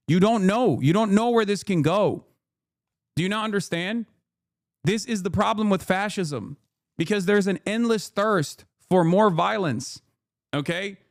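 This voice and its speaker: A man's voice: high-pitched, no room sound, clean studio sound. A man in his thirties streaming political reaction commentary, ranting in profane, incredulous bursts. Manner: incredulous, profane, emphatic rants.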